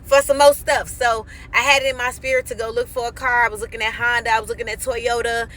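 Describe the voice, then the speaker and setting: A woman in her thirties giving an animated, emphatic faith testimony on her vlog, acting out quoted dialogue as she tells the story. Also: a little high, quick pace. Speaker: vlogger.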